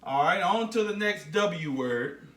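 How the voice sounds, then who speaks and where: Casting: high-voiced male teacher, very slow and patient, leads children through repeated words, echoey room. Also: animated, a bit bright, far from the mic. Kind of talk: phonics lesson for young children.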